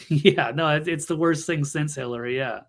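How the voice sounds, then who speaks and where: A man's voice: fairly high pitch, unhurried. A man co-hosting a casual political talk show, blunt and scornful in his remarks over a video call. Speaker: co-host.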